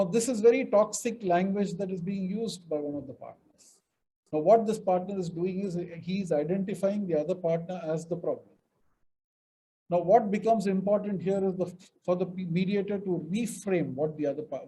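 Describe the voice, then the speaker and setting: A man's voice: sits high, moderate pace, mellow, husky, poor audio. A middle-aged man from India giving a webinar lecture on mediation, stressing words emphatically and acting out example sentences. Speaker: mediation trainer.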